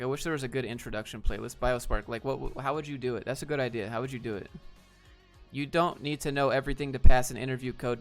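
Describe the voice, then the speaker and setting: A young man on a livestream who reads viewer questions aloud and answers them bluntly in a laid-back, casual way. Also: mid-range voice. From Georgia, US. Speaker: streamer answering chat.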